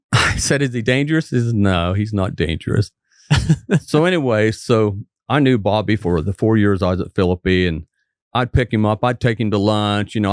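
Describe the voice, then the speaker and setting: Older man with a low, dry voice. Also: a little mellow, dry recording. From West Virginia. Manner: folksy anecdote teller, acts out quotes. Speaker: guest, former state trooper and physician. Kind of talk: casual storytelling interview.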